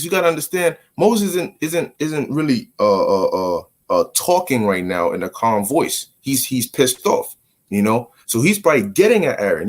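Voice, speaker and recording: A man teaching a casual bible study, slangy and animated, often repeating words as he restarts. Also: medium pitch. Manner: slangy, stammering repetitions, animated. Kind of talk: casual scripture commentary.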